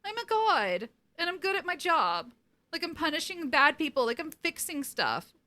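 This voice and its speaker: A woman's voice: sits high, sing-song, normal speed, pushed and bright, pitched above the performer's own voice, heavily acted. A woman doing a smug self-righteous male god.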